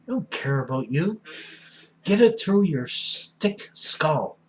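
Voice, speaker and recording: A man's voice: fairly high pitch, big pitch swings, slow pace. A middle-aged man giving a blunt, folksy recovery talk as an addiction counselor, preachy and punching certain words hard. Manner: blunt, folksy, preachy with sudden loud emphasis.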